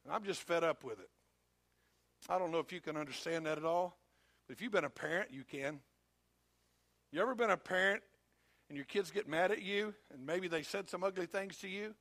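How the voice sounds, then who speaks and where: A man's voice: high-pitched, brisk, a bit bright, dry recording. A male pastor preaching a sermon, emphatic and repetitive, who speaks directly to his congregation.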